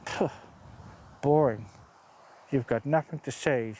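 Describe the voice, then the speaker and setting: A man's voice: fairly high pitch, moderate pace, a little hiss or hum. A middle-aged man chatting casually on a live stream outdoors on open moorland, rambling and swearing freely into a phone held at arm's length. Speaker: outdoor vlogger.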